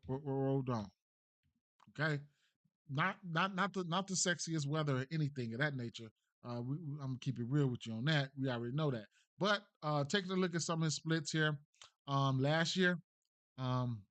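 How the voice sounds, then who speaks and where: A man's voice: fairly high pitch, no echo. A man hosting a casual sports betting breakdown, loose and slangy, thinking aloud and checking in with "right?" as he goes. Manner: thinks aloud, trails off and restarts.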